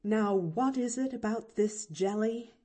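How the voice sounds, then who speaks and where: A woman's voice: mid-range voice, measured pace, mellow, lightly acted. A woman reading an audiobook, voicing a stern, impatient older aunt who speaks in a cold, clipped way.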